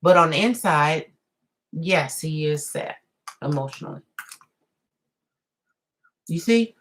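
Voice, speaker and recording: A woman with a notably low voice gives a live tarot reading to her viewers. She talks in a chatty, drawn-out way, wandering into asides as she turns each card. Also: lively intonation, a little hiss or hum, poor audio. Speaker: tarot reader.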